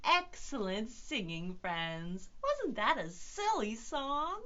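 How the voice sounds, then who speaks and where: A woman working as a children's librarian, reading a picture book aloud to young children in a playful, expressive storytime manner. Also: medium pitch, measured pace, lo-fi sound.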